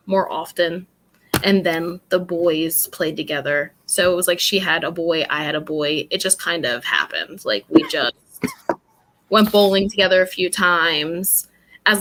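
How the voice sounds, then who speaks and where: Blunt, bright-voiced young mom from New York. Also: female voice, fairly low pitch. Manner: blunt, rambling, laughs often. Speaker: podcast co-host. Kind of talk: casual chat.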